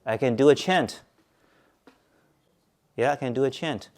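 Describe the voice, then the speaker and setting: A man teaching Buddhism at a Zen centre, speaking calmly, repeating points and asking his listeners questions. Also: medium pitch, moderate pace. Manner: calm, repetitive, asks listeners questions. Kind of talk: Dharma talk to a group.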